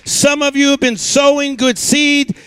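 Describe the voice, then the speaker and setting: A middle-aged man with a very high voice delivers a fiery sermon, recorded dry and close. He tells stories with quick asides and hammers single words over and over in a steady beat, calling the crowd to answer back. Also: dry recording. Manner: emphatic, rhythmic repetition of words; storytelling with punchy asides and call-and-response. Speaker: preacher. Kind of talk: energetic sermon.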